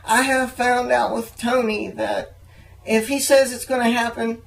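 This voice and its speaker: A young man interviewing a guest, earnest and halting, with frequent fillers and restarts. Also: very high voice, flat delivery, creaky, low-quality recording. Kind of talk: casual interview chat.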